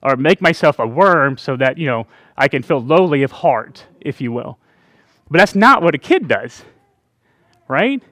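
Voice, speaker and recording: Chatty preacher man, slightly high voice. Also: sing-song, a little slow, a bit bright, no room sound. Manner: chatty, laughing asides, many "right?" checks. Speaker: pastor. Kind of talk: conversational sermon.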